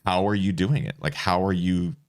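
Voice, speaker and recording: A man's voice: low-pitched, moderate pace. A man hosting a running podcast, chatting casually with a guest and using lots of fillers. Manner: relaxed, lots of "like" and "sort of". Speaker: podcast host. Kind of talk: casual interview chat.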